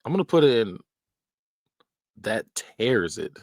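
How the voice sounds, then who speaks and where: A man's voice: mid-range voice, slow, no echo, studio quality. Laughing man reacting on a podcast. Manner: laughs often, animated and joking. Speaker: podcast host. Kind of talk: casual reaction commentary.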